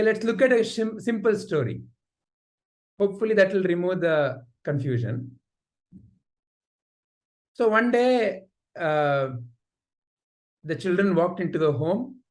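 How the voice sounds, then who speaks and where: A man teaching an online class, telling a story in a lively, conversational way over a video call. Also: a little high.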